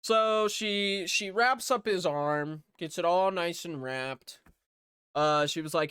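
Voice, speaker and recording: A man talks through a movie's plot at an unhurried pace, in a voice that is clear and smooth. He rambles, swears freely and leans on fillers as he recaps. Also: high voice, sharp tone, dry recording, studio quality. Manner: rambling, profane, filler-heavy. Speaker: movie reviewer.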